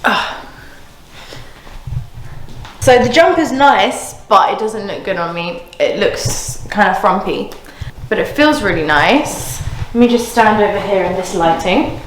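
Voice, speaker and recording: A young woman vlogs from an indoor room, voice set at a middling pitch. She chats to camera in a lively, excitable way and gives blunt opinions. The room sounds roomy and echoey, with faint noise in the background. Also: unhurried, pauses often. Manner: chatty, excitable, candid opinions. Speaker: unboxing vlogger. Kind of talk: casual chat to camera.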